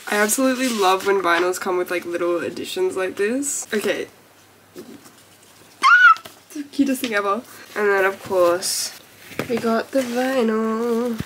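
A woman's voice: medium pitch, moderate pace, noisy background. A young woman talking casually to camera at home as a vlogger, chatty and gushing with lots of fillers. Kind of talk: casual vlog chat.

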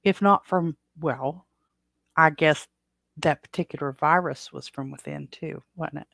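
A woman's voice: low voice, measured pace, creaky, a bit bright, no room sound. Rambling, chatty woman in a dry recording. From United States. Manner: rambling, chatty, frequent fillers and restarts. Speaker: podcast host. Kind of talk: casual solo chat.

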